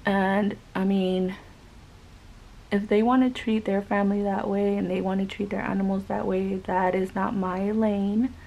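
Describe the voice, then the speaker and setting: A woman's voice: medium pitch, level tone, a little slow, creaky, a little mellow, low-quality recording. A woman vlogger and mother telling a story in casual chat, rambling with many fillers.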